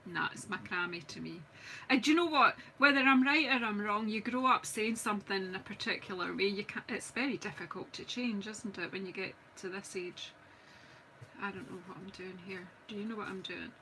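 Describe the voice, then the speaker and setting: Her mid-range voice moves fairly quickly and has a sharp edge, caught on a rough recording with slight hiss or hum. She's a middle-aged woman from Scotland, crafting cards live and talking to her audience as she goes, often teasing herself along the way.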